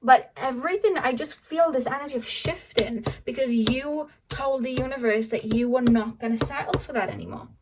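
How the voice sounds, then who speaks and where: A woman's voice: high-pitched, moderate pace, few pauses, background noise. A young woman doing a casual tarot reading, chatty and upbeat, often trailing off and restarting. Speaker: tarot reader.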